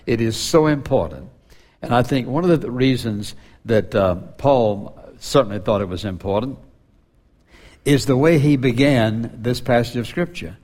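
A male pastor preaching an earnest sermon to a congregation, slowing down when he quotes scripture. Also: medium pitch, animated, darkish tone.

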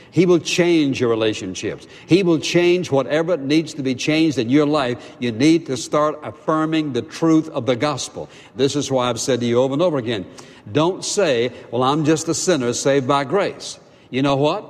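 A man's voice: medium pitch, expressive, darkish tone. Preaching man in a reverberant hall. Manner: emphatic preaching, rhetorical questions, slowed stress on key phrases. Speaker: pastor. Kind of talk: sermon.

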